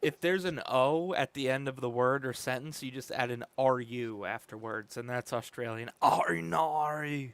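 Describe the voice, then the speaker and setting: Slow-talking joking man. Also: mid-range voice, fairly bright tone, smooth, no room sound. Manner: joking, silly asides. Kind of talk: casual chat.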